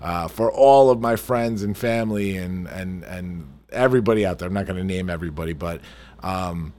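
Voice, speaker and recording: A man's voice: sits low, moderate pace, mellow. A middle-aged man hosting a podcast, talking in an earnest, reflective way and often repeating words as he goes. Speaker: podcast host. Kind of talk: casual heartfelt chat. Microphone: podcast microphone.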